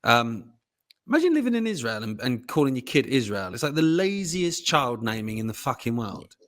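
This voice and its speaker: A man's voice: mid-range voice, sing-song, normal speed, a bit bright. A man co-hosting a podcast, blunt and mocking, who swears in casual chat. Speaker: podcast co-host.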